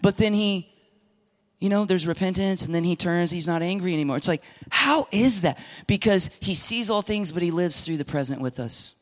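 Preaching as a pastor, this middle-aged man speaks with a high-pitched voice at a moderate pace. He is emphatic and animated, performs quoted voices, and occasionally drops to a whisper.

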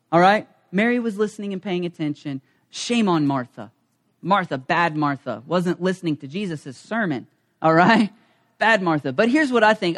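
A middle-aged man preaching a humorous storytelling sermon, animated and acting out the voices in his stories. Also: high-pitched. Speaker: pastor.

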